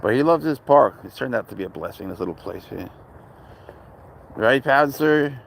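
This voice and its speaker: Short on sleep, this man chats casually about his cat in a park close to traffic, rambling in a relaxed way as a cat owner vlogger. He talks fast and animatedly in a fairly low, creaky voice, with a little hiss or hum in the recording.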